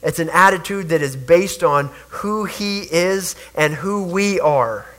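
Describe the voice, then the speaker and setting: A man's voice: a little high, expressive, slow, fairly bright tone. A man preaching a sermon, earnest, with rhetorical questions and repeated words. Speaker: pastor.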